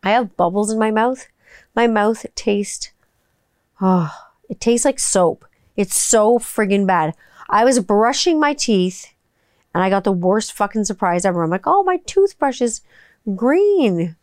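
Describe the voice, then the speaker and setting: A woman's voice: mid-range voice, measured pace, clear, resonant tone, no room sound, clean studio sound. A woman, chatting casually and rambling, full of "like" and the odd swear word. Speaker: vlogger. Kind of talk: casual chat.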